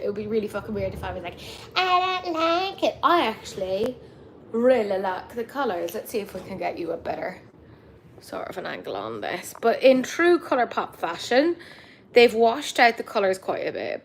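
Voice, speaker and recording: An Irish woman hosting a live chat with viewers, talking in a chatty, lively way with lots of asides. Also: a little high, slight background noise. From Ireland. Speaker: livestream host.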